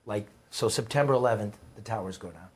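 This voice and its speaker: Speaking low, fast and with a slight roughness, a middle-aged man shares heartfelt stories as a guest. He used to be a newspaper reporter, and his conversational storytelling is rambling and emphatic.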